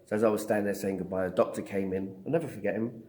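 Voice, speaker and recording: A man's voice: on the low side, very fast, slight background noise. A middle-aged man, a psychic medium, telling his story in an interview, acting out the dialogue with lots of ums. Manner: animated storyteller, acts out dialogue with hesitant ums.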